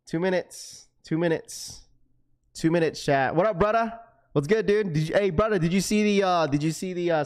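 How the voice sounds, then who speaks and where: A man in his thirties hosting a sneaker livestream, chatting casually and excitedly with viewers in slang, with the odd swear word. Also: high voice.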